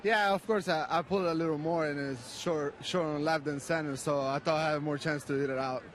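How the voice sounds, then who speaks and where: Modest young ballplayer, halting answers. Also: male voice, on the high side, fairly even intonation. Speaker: baseball player.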